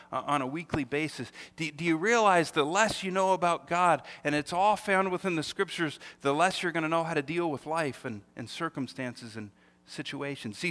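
A male pastor delivers a sermon in a bright, slightly raised voice. He leans on rhetorical questions and acts out little bits of dialogue. The sound carries a long hall reverb. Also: on the high side. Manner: emphatic preaching with rhetorical questions and acted-out quotes.

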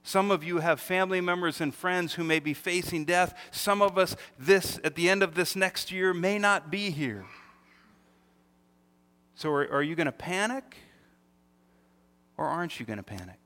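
A male pastor delivers a sermon in a bright, slightly raised voice. He leans on rhetorical questions and acts out little bits of dialogue. The sound carries a long hall reverb. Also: sits high, moderate pace, long pauses. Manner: emphatic preaching with rhetorical questions and acted-out quotes.

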